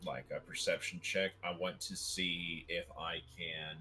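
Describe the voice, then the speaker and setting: A man's voice: low-pitched, level tone, measured pace, bright, forceful tone, soft background music. A man playing a tabletop game, talking loosely with hesitations and swearing. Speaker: player. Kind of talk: casual tabletop play.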